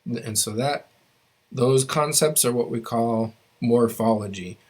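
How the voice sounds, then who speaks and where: A man's voice: mid-range voice, takes it slowly. A man teaching a language class online, talking loosely with lots of fillers and restarts while sharing his screen. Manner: relaxed, many fillers and restarts.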